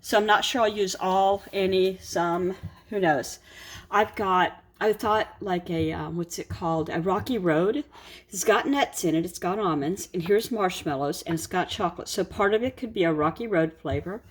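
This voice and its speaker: A woman's voice: lowish voice, moderate pace, reverberant. A woman vlogger chatting casually while cooking at home, wandering through a story and circling back with "anyway". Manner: rambling storyteller, keeps saying "anyway". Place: home kitchen.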